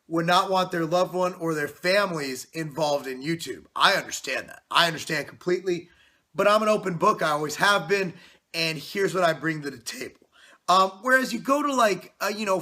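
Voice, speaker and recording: Out-of-breath, bright-voiced man in his 40s. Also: high-pitched, a little fast. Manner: loud, passionate and swearing, with many "you know" fillers. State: out of breath with a stuffy nose. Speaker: fitness channel host. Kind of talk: casual vlog talk to camera. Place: home basement.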